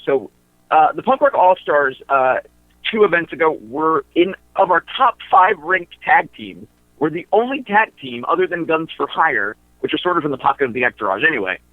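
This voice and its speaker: A man calling in to a radio show, talking through wrestling matchups in a halting way, with lots of fillers and restarts. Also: fairly high pitch, no echo. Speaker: wrestling promotion insider guest. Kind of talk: casual radio chat. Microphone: phone. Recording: tinny phone line.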